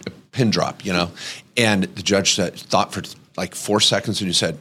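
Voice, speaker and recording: A middle-aged man hosting a podcast, telling an anecdote in a lively way and acting out the people in it. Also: on the low side, moderate pace, a little hiss or hum. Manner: lively, acts out voices in anecdotes. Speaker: podcast host. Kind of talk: animated storytelling chat.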